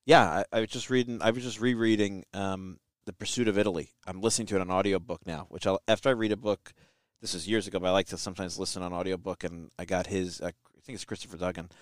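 A man's voice: low voice, fairly even intonation, fast talker, no room sound, studio quality. A man hosting a podcast, speaking in a thoughtful, reflective casual way. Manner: thoughtful, reflective, laughs readily. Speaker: podcast host.

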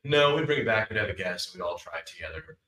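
Joking man guest, lively pitch, low voice, bright edge, roomy distant sound. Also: fast talker, creaky. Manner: jokey, loose banter. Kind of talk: casual chat.

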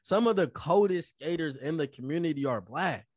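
A man's voice: fairly high pitch, lively intonation, moderate pace, no echo. A young college-age man co-hosting a podcast, talking bluntly and emphatically with heavy swearing. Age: young adult. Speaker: podcast co-host. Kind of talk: casual chat.

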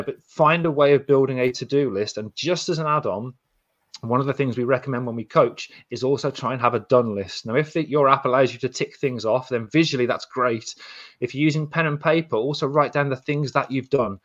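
A man's voice: medium pitch, a bit bright, no echo. Male co-host, casual and practical, recorded muffled and close. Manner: earnest, practical, restarts often. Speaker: podcast co-host. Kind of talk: casual advice podcast chat. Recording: dull, dry lo-fi sound.

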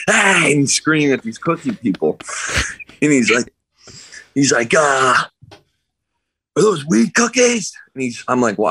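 A man, a guest on a podcast, telling a story in a casual, animated way and acting out what other people said. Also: lowish voice, dry recording, low-quality recording. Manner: animated anecdote teller, acts out other people's lines. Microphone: remote call.

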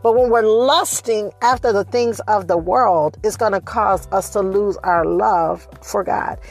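A woman preaching a sermon, speeding up and slowing down, stressing and repeating her phrases. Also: medium pitch, soft background music. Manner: preaching with shifting pace, rising emphasis and repeated phrases.

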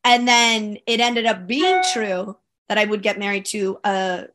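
A woman co-hosting a podcast, chatting casually and telling stories with animated emphasis. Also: mid-range voice, a little slow, noisy background. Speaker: podcast co-host. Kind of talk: casual chat.

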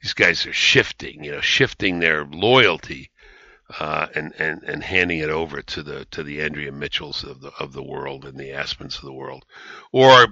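A man's voice: rumbling low, lively intonation, normal speed, creaky, bright, forceful tone, no room sound. A man hosting a podcast, rambling and emphatic in conversational political commentary, with many restarts. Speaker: podcast host. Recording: dry, slightly dull studio sound.

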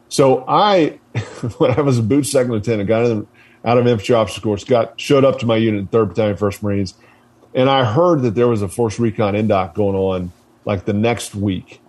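A man being interviewed, casually telling stories with plenty of fillers, swearing and laughter. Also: fairly low pitch. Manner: relaxed, profane, many fillers, laughs while telling stories. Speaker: interview guest, former Marine officer.

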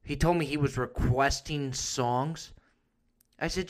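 A man's voice: on the high side, normal speed. Crude, rambling man hosting a comedy podcast. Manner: crude, rambling, joking storytelling. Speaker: podcast host. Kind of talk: casual comedic rant.

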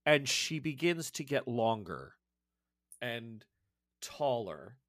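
Male GM, bright tone, dry close sound, dramatic narration. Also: medium pitch, very animated, slow, dry recording. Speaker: game master. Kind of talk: narrating a tabletop horror game.

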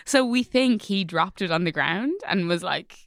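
A woman's voice: lowish voice, moderate pace, no echo, studio quality. A woman telling a casual anecdote, giggly and peppered with "like". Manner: giggly, lots of "like", lively retelling.

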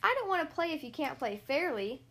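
Woman playing an excited little girl in a storybook, squeaky, high, bouncy. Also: a little fast, full character voice.

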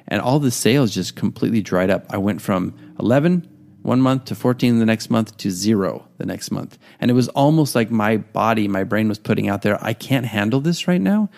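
Gravelly low-voiced man talking casually. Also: a little mellow. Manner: earnest, conversational, acts out quoted inner voices. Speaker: podcast host, artist. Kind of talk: casual monologue.

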